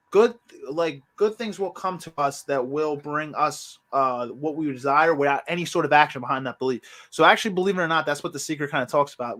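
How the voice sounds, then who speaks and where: A man's voice: fairly high pitch, a bit bright. Earnest man hosting a motivational podcast. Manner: earnest, lists points, motivational. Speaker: podcast host. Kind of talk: casual podcast talk with wrap-up points.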